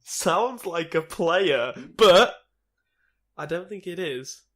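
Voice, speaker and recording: Teasing man with a slightly high voice. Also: lively intonation, slow pace, a bit bright. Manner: teasing, dry humour. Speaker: podcast co-host. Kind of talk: casual podcast chat.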